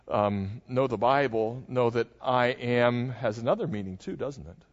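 A man preaching a sermon as pastor, talking in a conversational, folksy way with asides to the congregation. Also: medium pitch. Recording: dull lo-fi sound with long hall reverb.

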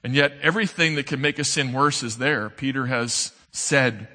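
A man preaching a sermon as an earnest storyteller, swinging between loud emphasis and soft, low asides. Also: moderate pace. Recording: long hall reverb.

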